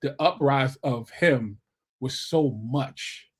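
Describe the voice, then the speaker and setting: A man from New York co-hosting a podcast in casual chat, animated, reading live comments aloud with quick exclamations. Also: mid-range voice, husky. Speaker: podcast co-host.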